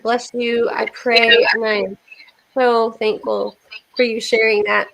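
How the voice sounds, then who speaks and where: A woman's voice: fairly high pitch, flat delivery, slow pace, vocal fry, a bit bright, no echo, low-quality recording. A woman hosting a casual livestream chat, emotional and prayerful, blessing her viewers, with a cough. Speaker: livestream host.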